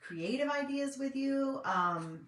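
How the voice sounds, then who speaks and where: A woman's voice: high voice, animated, slow pace, fairly bright tone. A middle-aged woman with a Southern US accent, chatting casually on a live craft stream from her home craft room, full of fillers and folksy asides. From North Carolina. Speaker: craft vlogger and independent designer. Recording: echoey room, voice a bit distant.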